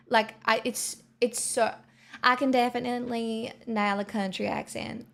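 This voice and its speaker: A woman's voice: a little high, fairly even intonation, measured pace, gravelly, a bit bright. An Australian woman streaming live, chatting casually with her viewers in a rambling way full of "like" fillers. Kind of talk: casual chat.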